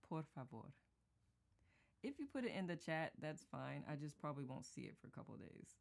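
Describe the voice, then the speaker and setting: A woman's voice: sits low, very animated, a little fast, vocal fry. A woman hosting a spiritual study group live, reading comments and thanking viewers by name, effusive and laughing often.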